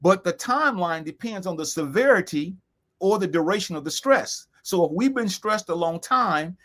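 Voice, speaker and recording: Emphatic man with a high voice. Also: expressive, a bit bright. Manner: emphatic, repeats key phrases slowly. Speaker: co-host. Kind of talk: earnest discussion.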